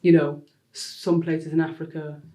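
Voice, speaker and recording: A woman talks as an interview guest in a loose, conversational way. She leans on fillers constantly and slips into animated impressions of the people she quotes. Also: low-pitched, normal speed. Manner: chatty, heavy use of "like" fillers; animated storyteller, acts out quotes.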